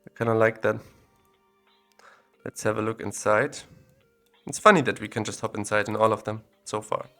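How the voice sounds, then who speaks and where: Soft music plays behind a man whose voice sits on the low side as he talks at a moderate pace. Exploring spots on a map, he thinks aloud in a relaxed, conversational manner, recorded on a separate audio recorder.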